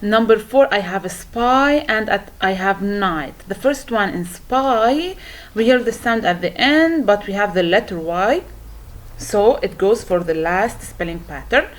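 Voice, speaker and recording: A woman teacher walking students through a worksheet, explaining slowly and carefully with frequent pauses and restarts. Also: mid-range voice, expressive. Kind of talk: worksheet walkthrough lesson.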